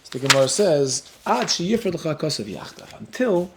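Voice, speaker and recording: A man teaching a Talmud class, animated and explaining step by step, with a story worked in. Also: fairly high pitch, moderate pace, background noise. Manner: animated, switches between English and Hebrew-Aramaic terms.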